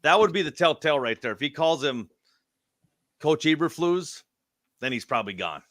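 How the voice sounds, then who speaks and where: A man's voice: a little high, expressive, normal speed, fairly bright tone, no echo, clean studio sound. A man co-hosting a casual sports chat, opinionated and emphatic as he argues his points. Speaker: co-host.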